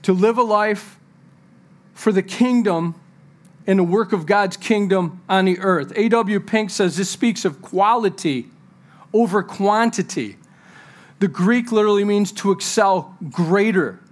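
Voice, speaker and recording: A pastor preaching a sermon to his church, quoting scripture and repeating key words for emphasis, with joking asides to the congregation. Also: sits high.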